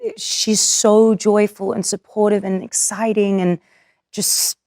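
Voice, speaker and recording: An Australian actress chatting casually in conversation, full of filler likes. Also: female voice, medium pitch, level tone, unhurried, darkish tone, no echo, studio quality. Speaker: actor.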